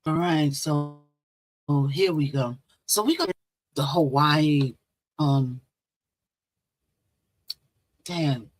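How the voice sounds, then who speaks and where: A woman's voice: low voice, drawn-out words, pauses often. A woman hosting a casual live stream, chatting and repeating herself as she greets viewers. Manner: chatty, repeats phrases, talks to viewers directly. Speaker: livestream host.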